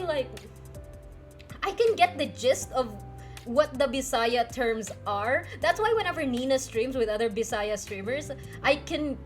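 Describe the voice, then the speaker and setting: A young woman, casually telling a story on her livestream and answering chat, laughing often as she talks. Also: sits high. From Philippines. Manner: giggly, lively, laughs often mid-sentence. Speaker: streamer.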